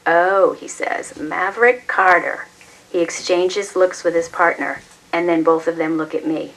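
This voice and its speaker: A woman reading a novel aloud at a public reading night, steady and expressive. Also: deep voice, moderate pace, low-quality recording. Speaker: reader.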